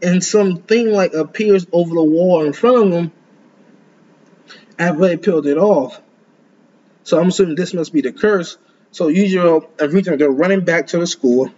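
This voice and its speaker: A young man hosting anime reactions gives casual commentary in a fairly high, slightly rough voice with a little mellowness, at a normal speed. He rambles in slang with stammering restarts, recorded with dull lo-fi sound and faint room ambience.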